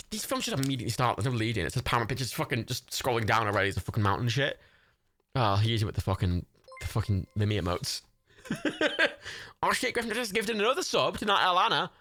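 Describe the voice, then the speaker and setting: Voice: mid-range voice, big pitch swings, fast talker, sharp tone, no echo. A young adult streamer hosting a watch party, chatting casually, reading out chat and gifts, swearing freely and laughing often.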